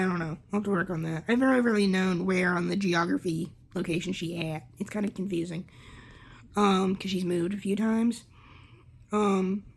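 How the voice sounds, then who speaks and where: A young woman candidly recounting a personal story in a halting, casual way, swearing freely. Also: medium pitch, darkish tone, husky. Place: Lancaster area.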